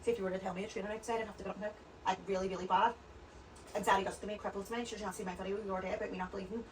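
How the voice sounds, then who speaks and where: Fast-talking woman. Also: mid-range voice, little pitch movement, recorded from a distance, a little hiss or hum, poor audio. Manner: rambling, chatty storytelling. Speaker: podcast guest. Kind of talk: casual chat.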